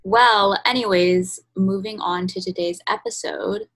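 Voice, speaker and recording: A woman's voice: mid-range voice, unhurried, fairly bright tone, rough recording. Chatty young woman podcast co-host. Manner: chatty, lots of ums and likes. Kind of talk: casual chat.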